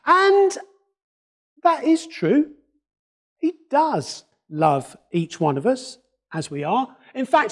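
A man with a fairly high voice preaches a sermon in a conversational, expressive way. He slips in wry asides and sinks to a near-hush to stress key words. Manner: expressive, varies tone and drops to a hush for emphasis.

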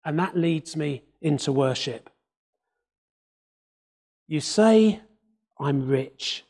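A man with a fairly high voice preaches a sermon in a conversational, expressive way. He slips in wry asides and sinks to a near-hush to stress key words. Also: drawn-out words. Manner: expressive, varies tone and drops to a hush for emphasis.

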